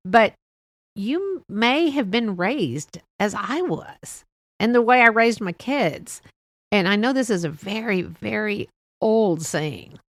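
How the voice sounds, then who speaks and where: A woman's voice: mid-range voice, no echo. An older woman hosting a podcast, telling stories in a rambling, chatty way and laughing often. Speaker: podcast host. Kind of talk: casual monologue.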